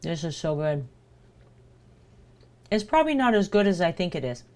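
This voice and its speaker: Woman, livestreamer, chatty, eating while talking, lower pitch. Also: very animated, normal speed, a little mellow. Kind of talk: casual livestream chat.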